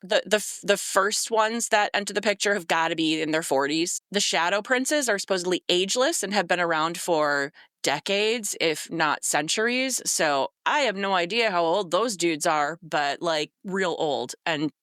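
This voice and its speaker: A woman's voice: fairly low pitch, moderate pace, hardly any pauses, fairly bright tone, no room sound, clean studio sound. A woman co-hosting a podcast, recapping a novel in casual chat, sarcastic and exasperated, swearing freely. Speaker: podcast co-host.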